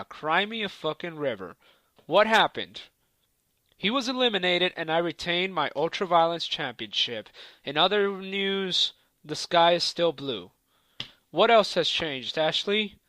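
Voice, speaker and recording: Forceful cocky man cutting a wrestling promo. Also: high voice, animated, a little slow, dry recording. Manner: cocky, taunting, profane. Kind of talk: trash-talking wrestling promo.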